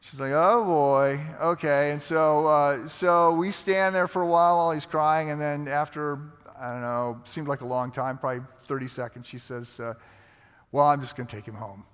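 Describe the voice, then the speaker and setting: A male pastor telling a story in a conversational sermon, with halting restarts. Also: on the high side, fairly even intonation, fairly bright tone, clean tone. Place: large church sanctuary. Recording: long hall reverb.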